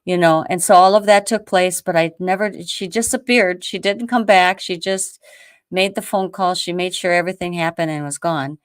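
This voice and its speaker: A woman from the United States hosting a show, telling a story in a lively casual way, acting out quotes with many restarts. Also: fairly low pitch, normal speed, clean tone, no echo, studio quality. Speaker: host.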